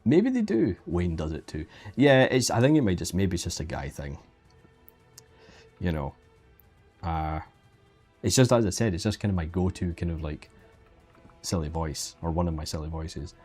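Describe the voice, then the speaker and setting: A man's voice: sits low, lively intonation, moderate pace, pauses often, a little mellow, breathy edge. A man chatting casually and jokingly while teaching digital sculpting on a live stream, often restarting his sentences. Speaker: 3D sculpting instructor. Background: faint background music.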